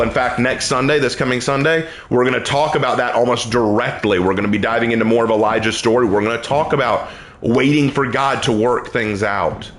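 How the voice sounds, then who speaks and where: On a live stream, a young man answers questions from chat about faith, speaking earnestly and emphatically like a preacher, his pitch swinging when he preaches. His tone is steady and his pace brisk.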